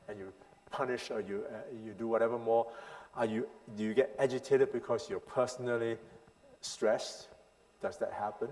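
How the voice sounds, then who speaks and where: Man, pastor, sermon teaching, emphatic rhetorical questions, long church reverb. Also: on the low side. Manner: emphatic, rhetorical questions, swings between loud and hushed. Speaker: pastor leading a parenting seminar. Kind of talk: sermon-style teaching to a congregation. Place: church hall.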